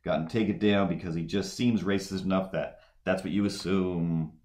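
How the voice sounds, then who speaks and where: A man's voice: low voice, fairly even intonation, moderate pace, darkish tone, close to an everyday voice. A man voicing a brash male host of a comedy roast show, with a punchy, announcer-like delivery. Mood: mocking.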